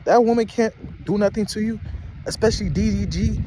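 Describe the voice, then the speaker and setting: A man's voice: high voice, brisk, mellow, a little hiss or hum. A man in his twenties ranting casually in a rambling, slangy, incredulous way outdoors at a rest stop. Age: 20s. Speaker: vlogger. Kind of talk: casual commentary rant.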